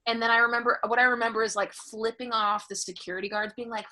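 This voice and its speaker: A woman's voice: medium pitch, flat delivery, fast talker, hardly any pauses, pushed and bright. A woman comedian, a guest telling candid, profane stories in casual chat. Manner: candid, profane, bursts of laughter.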